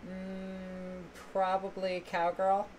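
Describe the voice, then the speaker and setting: A woman's voice: medium pitch, completely flat delivery, extremely slow, a little mellow, slight background noise, low-quality recording. A young woman hosting a casual livestream, blunt and teasing, who swears freely while answering chat. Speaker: streamer host.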